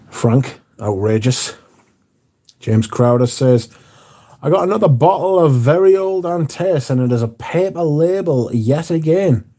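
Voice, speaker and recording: A man's voice: medium pitch, dark tone. A man hosting a casual livestream, reading viewer comments aloud and answering them, swearing casually. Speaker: livestream host reading chat.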